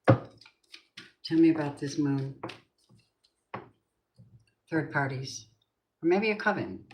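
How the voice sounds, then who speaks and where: A woman's voice: deep voice, expressive, slow pace, pauses often, a little mellow, slight background noise. A woman giving a tarot reading, musing and asking the cards and spirit questions aloud. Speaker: tarot reader. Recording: roomy echo.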